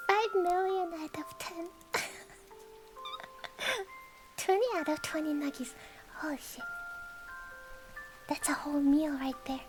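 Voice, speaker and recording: A high-voiced woman whispers slowly and playfully in a conversational ASMR stream, giggling and teasing as she goes. Soft tinkling music plays clearly behind her. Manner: drifts between soft whispers and short voiced bits. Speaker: VTuber streamer.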